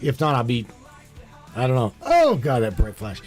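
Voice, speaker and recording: A man hosting a call-in show, chatting casually, slangy and quick to laugh. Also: mid-range voice, wildly swooping pitch, a little mellow, soft background music. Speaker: show host.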